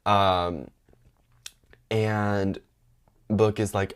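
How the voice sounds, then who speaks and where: A man's voice: sits low, lively intonation, measured pace. A man in his twenties telling a long, gossipy personal story on a podcast, chatty and full of fillers and asides. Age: 20s. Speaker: podcast host. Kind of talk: casual storytelling.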